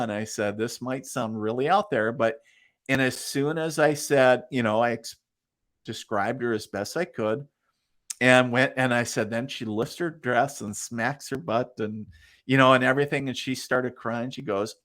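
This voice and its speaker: In this interview a psychic medium, a man with a mid-range voice, talks at a moderate pace. He's a lively storyteller who keeps things casual, voices other people's quotes, and laughs a lot.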